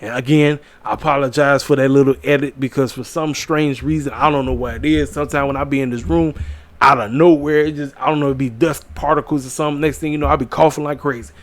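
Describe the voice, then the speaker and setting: A man giving an animated, preachy casual commentary on wrestling shows, repeating his catchphrases, in a small room at home. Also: medium pitch, fast. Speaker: wrestling show reviewer.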